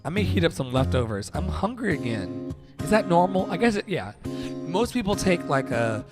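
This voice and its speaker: A man's voice: on the high side, big pitch swings, normal speed, music in the background. A man hosting a casual late-night livestream from home, chatting in a loose, rambling, candid way and swearing freely. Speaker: livestream host.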